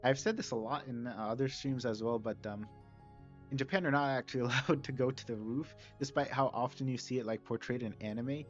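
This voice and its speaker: Man reading a game's narration on stream, mid-pitched, casual asides, soft music under a slightly dull mic. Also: brisk. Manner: relaxed, chatty, self-correcting. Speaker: streamer reading a visual novel mod.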